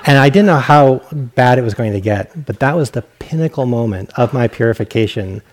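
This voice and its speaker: A man's voice: mid-range voice, expressive, brisk, slight background noise. A male meditation teacher giving a dharma talk, telling a personal story in a self-mocking way and acting out his own inner voice.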